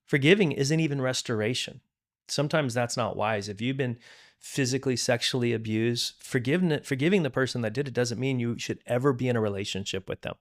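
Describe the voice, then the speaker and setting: A medium-pitched, brisk male voice belongs to a middle-aged pastor who's a guest on a podcast. Conversationally, he offers a candid and earnest testimony of personal forgiveness, often starting over and repeating words.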